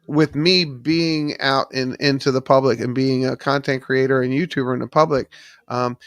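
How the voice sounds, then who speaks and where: In a mid-range, slightly bright voice, a man hosts a live trivia stream from his home studio and reads out chat names and viewers' answers with lots of ums. His studio microphone captures no room sound.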